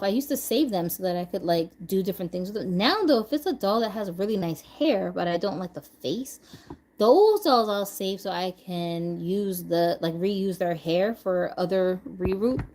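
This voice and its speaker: A woman's voice: mid-range voice, darkish tone. A woman chatting casually on a livestream while she works on dolls, rambling from one thought to the next, laughing often and talking in slang. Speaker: doll customizer streaming live.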